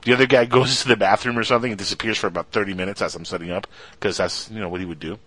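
A man appearing as a guest on a podcast, telling animated stories in casual chat. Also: on the low side, rapid-fire. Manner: animated storyteller; acts out other people's voices when quoting them. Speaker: guest, radio show co-host.

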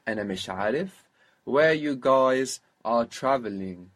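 A man's voice: medium pitch, animated, moderate pace, a bit bright. A man teaching a spoken language lesson, patiently coaching pronunciation step by step.

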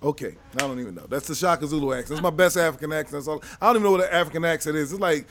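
A man's voice: a little high, very fast, a bit bright. A man co-hosting a podcast in casual chat, joking and rambling with frequent restarts. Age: adult, professional teacher. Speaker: podcast co-host.

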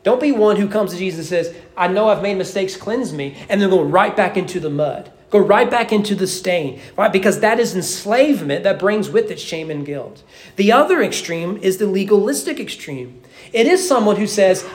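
A man's voice: sits high, animated, normal speed. A man preaching a Sunday morning sermon in a church, talking conversationally, often acting out the inner voices of believers and repeating words as he thinks aloud. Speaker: pastor. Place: church sanctuary.

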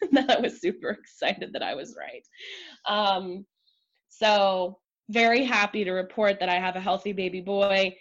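A woman guest on a podcast, telling a personal story in an emotional, chatty way full of "like" and quick asides. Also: medium pitch, fairly bright tone, highs cut off.

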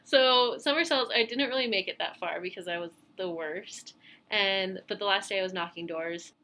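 A woman in her twenties co-hosting a podcast, chatty and quick to laugh as she tells stories in casual conversation. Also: mid-range voice, pushed and bright, slight background noise. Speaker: podcast co-host. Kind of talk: casual chat.

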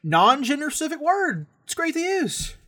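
Male podcast host, casual comedic chat, animated delivery. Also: very high-pitched, moderate pace. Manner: animated, reads quotes aloud with exaggerated delivery.

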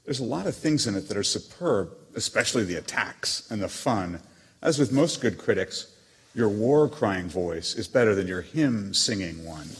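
An actor reading letters as a proud, witty émigré novelist, with a haughty, dryly teasing manner. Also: male voice, fairly low pitch, animated, moderate pace, slightly rough, exaggerated voice. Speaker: letter reader. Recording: long hall reverb.

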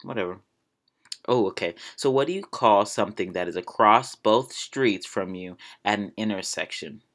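Chatty man from Maryland, low voice. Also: moderate pace, a bit bright. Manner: chatty, self-amused, drifts off on tangents. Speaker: podcast host. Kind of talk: casual solo podcast chat.

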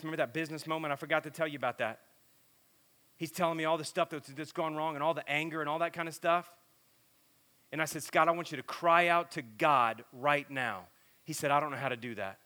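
A man preaching, telling a story with animated voices. His voice is bright and forceful, pitched a little high, and drops to a hush before rising loud. It sounds like a sermon from the pulpit.

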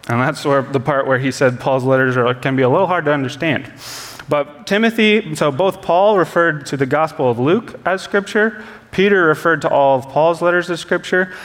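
A man's voice: on the high side, fairly bright tone, big-room sound. A man preaching a sermon as pastor, earnest, repeating key phrases for emphasis.

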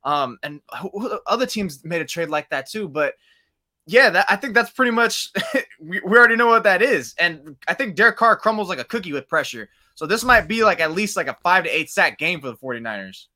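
A man co-hosts a casual sports show, excitable and joking. His voice is high for a man and very bright, with a sharp, cutting edge. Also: brisk. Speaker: co-host.

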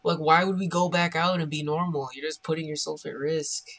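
A man's voice: on the high side, level tone, a little fast, a crowd in the background. An American man co-hosting a podcast, trading wry jokes in casual chat. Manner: joking, wry banter. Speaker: podcast co-host.

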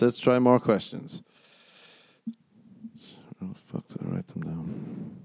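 A man's voice: low-pitched, takes it slowly, vocal fry, darkish tone, breathy edge, dry recording. Sweary, rambling Irish man. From Ireland. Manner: sweary, self-mocking, rambling. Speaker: podcast host. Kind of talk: casual solo podcast rambling.

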